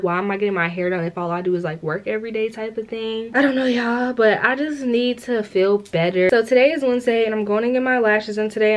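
Casting: young adult woman, mid-pitched voice, chatty and rambling, talking straight to camera for a vlog. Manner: chatty, rambling, keeps addressing viewers as y'all. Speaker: vlogger. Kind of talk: casual vlog talk to camera.

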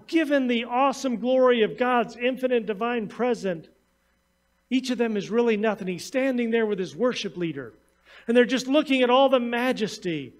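A man pastor preaching a sermon, reading scripture and then telling stories to his congregation. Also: very high-pitched. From United States. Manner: storytelling sermon, reads scripture then tells anecdotes.

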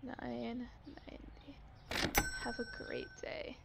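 A woman's voice: a little high, very animated, takes it slowly, gravelly, heavy background noise. A young woman giving casual gameplay commentary, sarcastic and exasperated, griping at customers and dropping into mutters. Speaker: gaming YouTuber.

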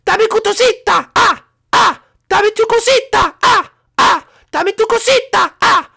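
A man's voice: extremely high pitch, a little slow, vocal fry, sharp tone, pitched above the performer's own voice, heavily acted. A man voicing a green dance-crazed alien creature in a toy role-play, with a wailing, chanting delivery. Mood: frenzied.

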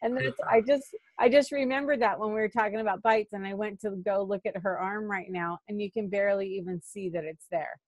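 Woman telling a quick story, dry sound. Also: mid-range voice, dry recording, muffled recording. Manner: lively storyteller, fillers like "like". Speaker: class participant. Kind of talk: casual anecdote.

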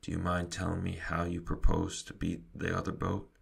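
A man voicing a fussy grown man who owns a model schooner, indignant and bellowing, in a deep gravelly voice. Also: completely flat delivery, moderate pace, full character voice. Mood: stern.

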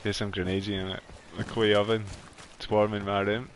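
Scottish male streamer, low voice, loose and talkative with his viewers, quick to laugh. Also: flat delivery, a little hiss or hum. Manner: chatty, laughs often, talks to viewers. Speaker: live game streamer. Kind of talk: casual live gameplay chat. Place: warm bedroom at home.

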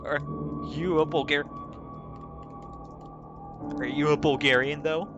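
A man's slightly high, level voice comes slowly, with the high frequencies cut off. He's playing a text adventure game, reading the story aloud and laughing and swearing at it in casual let's play commentary over clear background music.

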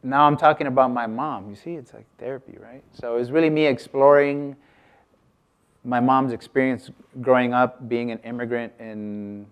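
A man's voice: medium pitch, fairly even intonation, moderate pace, clear, resonant tone, muffled recording. A man giving a casual artist talk to an audience, chatty, breaking off mid-sentence and asking the room questions. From United States. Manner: chatty, self-interrupting, asks the audience questions.

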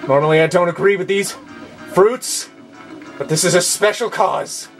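A man commenting on his gameplay, shouting moo on a dare and swearing with excitement. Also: high voice, moderate pace. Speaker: let's play gamer. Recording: game music behind the voice.

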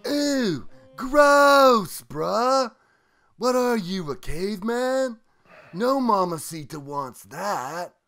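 Man putting on a heckling young bro, high voice, very slow drawl, slangy. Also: big pitch swings, gravelly, soft background music, heavily acted. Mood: disgusted. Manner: mocking, slangy, shouting jabs. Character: mocking young male bro commenter.

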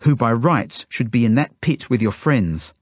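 Storybook villain: a man plays a hard, contemptuous adult woman, husky edge. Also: medium pitch, sing-song, normal speed, darkish tone, no echo, studio quality. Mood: angry. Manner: scornful, hard. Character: cold hostile Polish village woman, grown, harsh.

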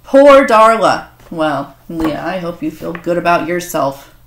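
A woman's voice: deep voice, steady tone, a little slow, creaky, noisy background. A woman host swearing and joking crudely in a casual unboxing vlog. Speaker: author and video host. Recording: echoey room.

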